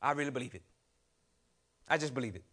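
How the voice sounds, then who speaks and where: A man's voice: medium pitch, expressive, fast talker. A middle-aged man preaching a sermon, using call-and-response with the congregation and acting out grumbling people in quoted asides. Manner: call-and-response preaching, rising to loud exhortation. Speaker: lay preacher.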